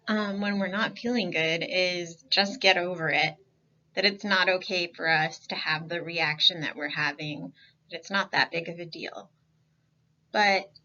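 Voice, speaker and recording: A woman giving a calm, coaxing life skills lesson. She asks the listener many reflective questions and often says "um". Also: mid-range voice, muffled recording. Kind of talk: gentle reflective lesson talk.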